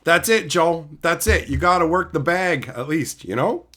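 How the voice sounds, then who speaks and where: A middle-aged man chatting casually on a live stream, reading chat and telling animated, profane stories. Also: fairly high pitch, moderate pace. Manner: animated, profane storytelling, mimics people.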